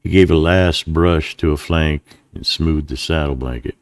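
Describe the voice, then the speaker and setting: A man narrating a western audiobook in a steady, deliberate reading. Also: a bass voice, dry recording, clean studio sound.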